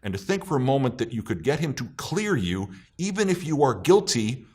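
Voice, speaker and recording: A man delivering scripted political commentary, emphatic and scornful, slowing down to stress key words. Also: mid-range voice, big pitch swings, darkish tone, breathy edge.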